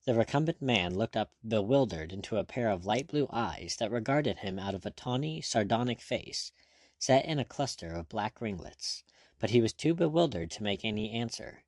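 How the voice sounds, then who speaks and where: Lively, low-voiced male narrator. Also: dry recording, studio quality. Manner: measured, expressive storytelling. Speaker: audiobook narrator. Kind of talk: scripted narration of an adventure novel.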